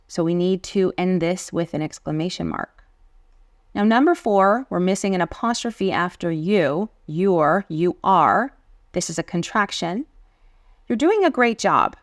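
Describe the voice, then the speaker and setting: A woman teaching an online English lesson, explaining punctuation rules patiently and clearly and reading example sentences aloud. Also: medium pitch, no room sound, clean studio sound.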